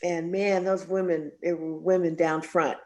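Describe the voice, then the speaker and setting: A woman jazz singer being interviewed, telling a story with lots of voices for the people in it. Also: normal speed. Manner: animated storyteller, acts out quoted voices with big pitch jumps.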